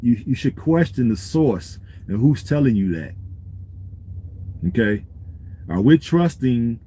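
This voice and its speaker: A man's voice: mid-range voice, expressive, slow, dark tone, a little hiss or hum. A man vlogging in a laid-back, street-wise way, talking to his viewers and giving business advice. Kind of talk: casual talk to camera.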